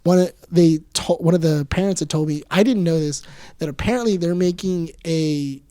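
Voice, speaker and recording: A podcast co-host chatting casually, retelling a story in an animated way with frequent restarts. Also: medium pitch, moderate pace, no echo. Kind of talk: casual chat.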